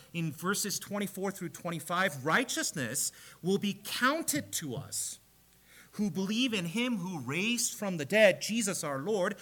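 A man preaching a sermon, emphatic, growing loud on the repeated key phrases. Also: high voice.

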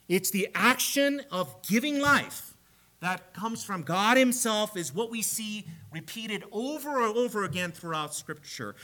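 A man preaching a sermon, emphatic, growing loud on the repeated key phrases. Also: high-pitched.

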